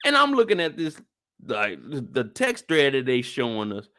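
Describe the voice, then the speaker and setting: A young man hosting a casual live recap show, joking and profane, ranting with sudden high-pitched bursts of outrage. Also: wildly swooping pitch, moderate pace, sharp tone, no room sound, clean studio sound. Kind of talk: animated casual recap chat.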